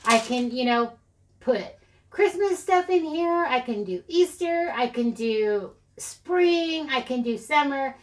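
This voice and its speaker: A woman's voice: sits high, lively intonation, takes it slowly. A middle-aged woman, chatting casually and rambling through a craft haul video, often giggling at herself. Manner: rambling, giggly, self-deprecating. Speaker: craft channel host. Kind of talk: casual haul vlog chat.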